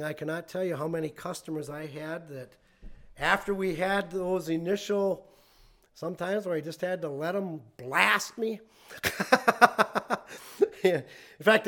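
High-voiced man preaching a folksy sermon. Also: a bit bright. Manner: folksy storytelling with chuckles. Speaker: pastor. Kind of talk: conversational sermon.

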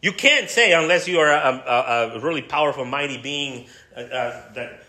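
A man's voice: mid-range voice, normal speed, pushed and bright. Impassioned preacher man in an echoey hall. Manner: impassioned, repetitive, with many restarts. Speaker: pastor. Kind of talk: sermon.

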